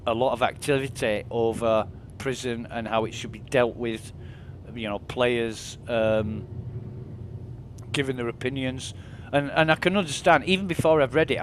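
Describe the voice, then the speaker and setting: While playing a game on stream, a man vents in an exasperated, casual rant, cursing his way through the story of an argument. His voice is medium-pitched, and there's a slight hiss or hum in the audio.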